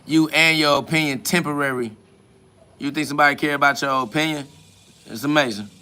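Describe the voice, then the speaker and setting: A man with a bright, fairly high voice delivers a combative spiritual rant. He is mocking and profane, firing back at listener comments. His tone is sharp and forceful throughout. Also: steady tone, fairly quick, clean tone. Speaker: podcast host answering comments.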